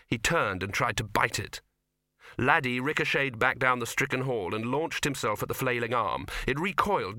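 A man reads a novel aloud in steady, measured narration. His voice is bright and clear, and the recording is close and dry with no room sound. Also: mid-range voice, dry recording. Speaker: audiobook narrator. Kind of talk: scripted narration.

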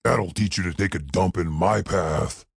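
A man voicing a brutish male half-orc thug with a deep, guttural, gravelly voice. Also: moderate pace, no echo, clean studio sound, exaggerated voice. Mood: sneering.

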